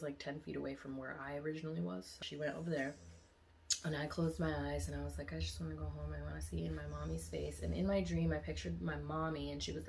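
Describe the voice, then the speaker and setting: A woman's voice: low-pitched, vocal fry, a little hiss or hum. A woman vlogger casually recounting a dream in a chatty, rambling way, full of fillers. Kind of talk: casual storytelling.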